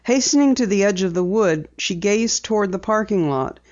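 An audiobook narrator with a mid-range voice reads a mystery novel in steady, measured scripted narration. The recording is dull and lo-fi.

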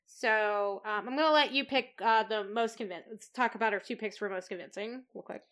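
A woman's voice: medium pitch, brisk, fairly bright tone. A woman co-hosting a podcast in casual chat, reading listener questions in a laid-back way. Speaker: podcast co-host.

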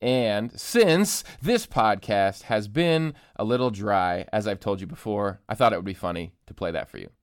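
This podcast host and author sounds animated, speaking at a moderate pace with few pauses in a smooth, fairly low voice. Alone in an empty room, he jokes self-deprecatingly through a casual monologue, recorded on a studio microphone with studio quality and no room sound.

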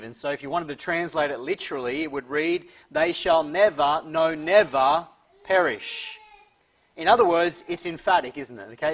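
Man, preacher, sermon, slightly high pitch, emphatic scripture reading, frequent throat clearing. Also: a bit bright.

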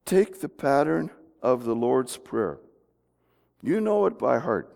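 A man's voice: fairly high pitch, vocal fry, a little mellow. A middle-aged man preaching a folksy, conversational sermon in a church, often restarting his sentences. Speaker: pastor. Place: church sanctuary. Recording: long reverb of a church hall.

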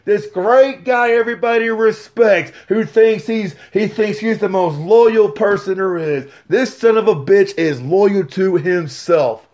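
A boisterous man tells a story in a high voice that is quick to get loud. He swears freely and acts out each scene as he talks. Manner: boisterous, profane, animated storyteller. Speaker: guest. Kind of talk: casual podcast storytelling.

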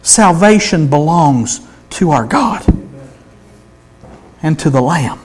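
A man preaching a sermon, emphatic, swinging between loud exclamations and hushed intensity. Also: a little high, expressive, takes it slowly, slightly rough, poor audio.

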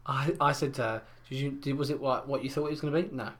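A man's voice: medium pitch, steady tone, fast talker, fairly bright tone. A young man, telling rambling, crude stories in casual podcast chat. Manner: crude, rambling storyteller with lots of fillers. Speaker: podcast co-host.

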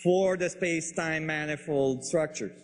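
A man explaining science ideas in a lecture style, halting and searching for words, with frequent restarts. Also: a little high. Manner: enthusiastic about the ideas. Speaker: speaker on physics and biology.

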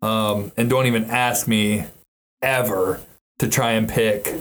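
A man's voice: lowish voice, fairly even intonation, slow pace, slight background noise. A man chatting casually about fighters, swearing often and restarting his sentences as he rambles. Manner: profane, rambling, frequent restarts.

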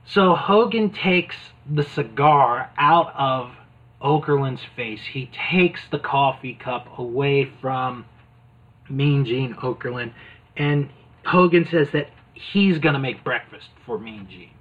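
A man's voice: mid-range voice, takes it slowly. A man casually retelling an old wrestling videotape scene by scene, amused and rambling with fillers. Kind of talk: casual chat. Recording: tinny phone-like sound.

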